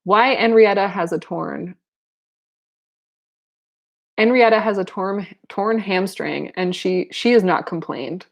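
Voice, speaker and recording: A woman's voice: on the high side, sing-song, normal speed, hardly any pauses, a bit bright, pitched above the performer's own voice. A woman reading aloud, voicing a bossy, mocking French house mother who teases in a babyish lisp. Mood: scolding.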